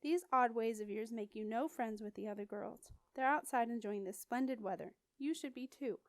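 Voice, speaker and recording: Female reader as a stern lecturing religious woman, raised pitch, dry close sound. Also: moderate pace, no room sound, lightly acted. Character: stern middle-aged temple dedicate, lecturing.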